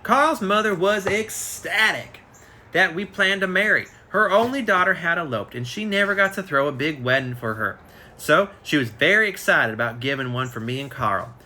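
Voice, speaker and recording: Guy reading a memoir out loud on a phone livestream, really bright sharp voice, keeps tripping over words and fixing them. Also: on the high side, expressive, moderate pace. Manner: reads aloud with frequent slips and self-corrections. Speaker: reader. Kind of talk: casual live reading of a biography. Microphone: phone on a live stream.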